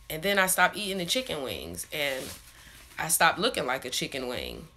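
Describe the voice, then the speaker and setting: A woman's voice: fairly low pitch, big pitch swings, normal speed, vocal fry, pushed and bright. A young woman talking casually to her followers, rambling, swearing freely and laughing often as she tells stories. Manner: loose, profane, laughs often, rambling storytelling. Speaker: vlogger. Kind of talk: casual chat to camera.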